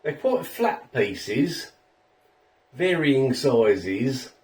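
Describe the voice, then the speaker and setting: A man's voice: mid-range voice, sing-song, extremely slow, darkish tone, recorded from a distance. Chatty man, roomy kitchen sound. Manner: chatty, self-mocking, chuckling asides. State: a little tipsy. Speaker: food reviewer. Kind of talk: casual food review vlog. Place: home kitchen.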